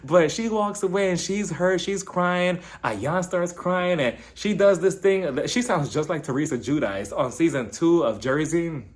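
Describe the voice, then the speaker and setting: A man hosting a casual reality TV recap, talking in an animated way and now and then jumping high to mimic the cast. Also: unhurried, few pauses. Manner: animated, shifts into high-pitched impressions when quoting. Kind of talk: casual commentary.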